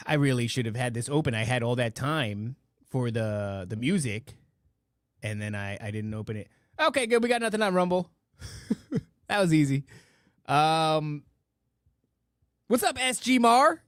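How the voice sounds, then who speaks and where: A man's voice: medium pitch, sing-song, unhurried, long pauses, no echo, clean studio sound. A man hosting a casual live stream, joking around with silly catchphrases and stumbling as he reads out donations. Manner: playful, jokey, with repeated silly catchphrases; stammers and restarts while reading amounts. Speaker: podcast host reading out donations.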